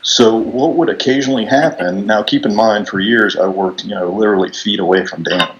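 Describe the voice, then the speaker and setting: Deep-voiced man on a video call. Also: brisk, dull audio. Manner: relaxed storytelling with many fillers and restarts. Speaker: coworker giving a farewell speech. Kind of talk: casual speech on a video call.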